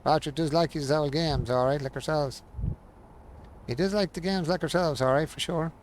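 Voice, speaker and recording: A man's voice: a little high, moderate pace, a little hiss or hum. A man streaming a building game, casually muttering to himself and mocking his own frustration. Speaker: gaming streamer. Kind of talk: casual live-stream commentary while building.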